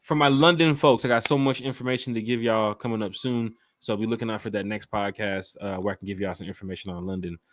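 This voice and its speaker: A man's voice: fairly low pitch, fairly even intonation, fast, hardly any pauses. A man hosting a casual fan podcast, talking straight to listeners in a loose, upbeat, slangy way. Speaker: podcast host and fan club organizer. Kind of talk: casual chat.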